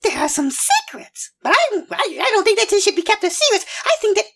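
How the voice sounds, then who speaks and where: Man as Millie: squeaky, high, giggly, gushing children's-show fact-finder. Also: sing-song, a little fast, gravelly, sharp tone, full character voice. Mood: giddy, gushing. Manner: breathless, giggly, gushing, stumbling over words. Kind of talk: children's show role-play.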